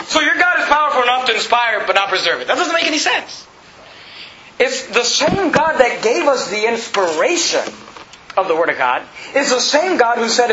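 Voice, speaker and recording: A man preaching a sermon, emphatic and repetitive, quoting scripture and putting questions to the congregation. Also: very high voice. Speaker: pastor. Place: church sanctuary. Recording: echoey, dull sanctuary recording.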